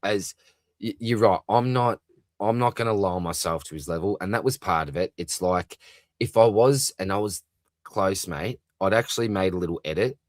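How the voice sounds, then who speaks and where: A deep-voiced Australian man hosts a live stream from home. He reads viewers' comments aloud and answers in a loose, friendly, rambling way, calling everyone mate. The sound is dry and close to the mic. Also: normal speed, no room sound. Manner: chatty, matey, calls everyone mate, lots of fillers. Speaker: fantasy football livestream host.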